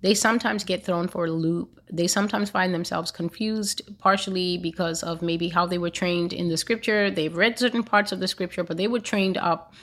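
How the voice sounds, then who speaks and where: A woman's voice: on the low side, steady tone, normal speed, hardly any pauses, a bit bright. A woman hosting her own prophecy channel, preaching earnestly with a repetitive cadence. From United States. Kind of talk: spoken sermon to camera.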